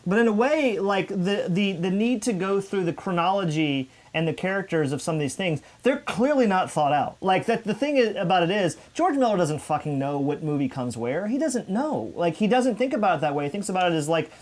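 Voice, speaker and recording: A podcast co-host chatting casually, blunt and animated, who swears freely. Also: medium pitch, a little fast, few pauses. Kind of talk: casual chat.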